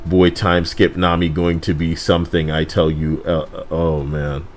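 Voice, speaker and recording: A man's voice: a bass voice, very animated, normal speed, few pauses, soft background music. A young man casually commenting on a game stream, rambling and talking to his chat. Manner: rambling, apologetic, talks to chat.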